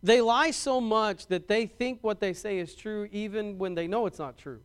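High-voiced man preaching a folksy sermon. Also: moderate pace, clean tone. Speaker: pastor.

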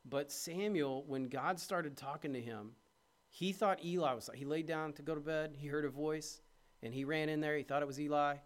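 A man's voice: on the high side, normal speed. Preaching man, conversational and emphatic. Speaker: pastor. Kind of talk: sermon.

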